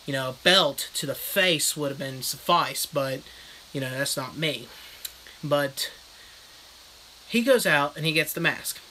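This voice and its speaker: Man, crude jokey book recap, rambling, bright voice, faint hiss. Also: fairly high pitch, lively intonation, a little slow, long pauses, poor audio. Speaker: book reviewer streaming live. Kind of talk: comedic casual recap.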